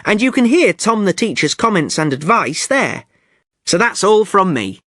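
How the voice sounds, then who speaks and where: Clear, amused male podcast host. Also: high voice, sing-song, normal speed, a bit bright, dry recording, clean studio sound. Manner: friendly, clear, lightly amused. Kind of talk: scripted learner podcast presenting.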